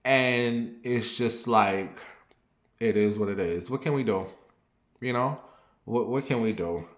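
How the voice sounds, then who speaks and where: A young man chatting candidly to his viewers, confiding and rambling, then lively and sassy when he tells a story. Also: medium pitch, slow. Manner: turns lively and sassy when telling stories. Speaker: vlogger. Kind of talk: casual personal chat to camera. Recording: roomy echo.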